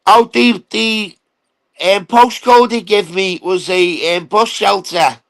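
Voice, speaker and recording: A man's voice: high-pitched, slow, vocal fry, fairly bright tone, low-quality recording. A man rants on his live stream, taunting an absent rival and swearing as he rambles. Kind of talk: ranting casual live stream.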